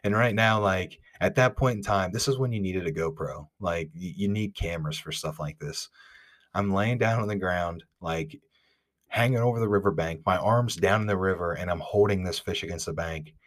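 A man with an Ohio accent hosting a podcast, telling a fishing story in a rambling, animated way with lots of "like". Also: low voice, normal speed. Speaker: podcast host. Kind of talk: casual storytelling.

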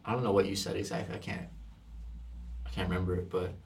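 A man speaking earnestly and gently about faith in a casual conversation. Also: sits low, steady tone, fast talker, vocal fry, recorded from a distance, slight background noise.

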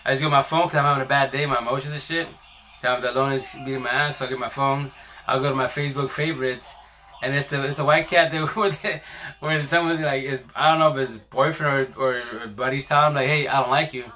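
A man's voice: mid-range voice, fairly even intonation, fast, sharp tone. A man hosting a casual live stream on his phone, talking in a rambling, slangy way and swearing freely.

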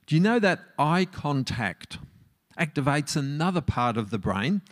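A middle-aged man, a marriage counsellor, giving a relaxed talk and asking his audience questions. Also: fairly high pitch, measured pace. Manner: conversational, asks the audience questions.

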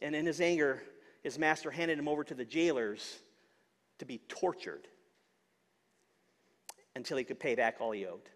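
A man's voice: medium pitch, normal speed, pauses often, big-room sound. A man preaching a sermon as pastor, earnest, often repeating words as he searches for them.

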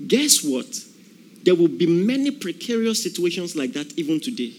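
A man's voice: fairly high pitch, very animated, normal speed, slight background noise. A man preaching a sermon, emphatic, repeating key phrases and acting out the voices of people in the story.

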